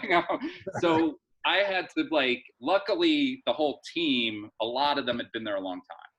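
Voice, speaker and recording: A man's voice: mid-range voice, a bit bright, dull audio. A middle-aged man, a soap opera writer, chatting through a rambling story in a casual interview, full of fillers and restarts.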